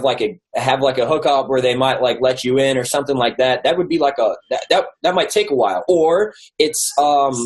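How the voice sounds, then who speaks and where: A man's voice: medium pitch, low-quality recording. Rambling man telling a story. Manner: rambling with many likes and restarts. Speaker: author and guest. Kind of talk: casual storytelling interview.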